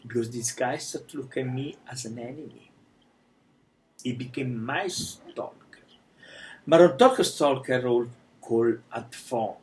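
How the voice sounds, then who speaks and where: Slow, hushed-then-emphatic male storyteller. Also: medium pitch, rough recording. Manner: non-native broken English, dramatic, drops to hushed whispers. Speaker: life coach telling his story. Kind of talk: live personal storytelling.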